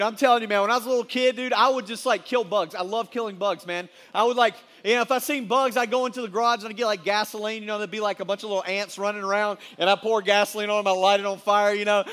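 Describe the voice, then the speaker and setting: High-pitched guy preaching, loose and animated, tells stories with lots of dude and man. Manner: casual, animated storytelling with slang. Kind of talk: sermon.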